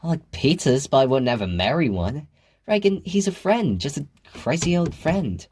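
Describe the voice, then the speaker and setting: A man's voice: on the high side, big pitch swings, moderate pace, slight background noise, pitched above the performer's own voice. A man voicing an affectionate, fretful mother who coaxes her daughter. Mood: amused. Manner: warm, coaxing, fretful talk.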